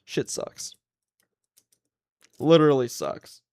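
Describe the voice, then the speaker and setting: Profane ranting young man, very lively pitch. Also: slow, clean tone, dry recording, clean studio sound. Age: 20s. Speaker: livestream host. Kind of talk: casual solo livestream rant.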